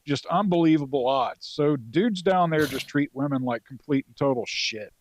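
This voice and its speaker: A man's voice: fairly high pitch, animated, moderate pace, slight background noise. A man around forty from North Carolina, a Marine veteran guest telling stories in a loose, profane way with lots of fillers. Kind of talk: casual storytelling.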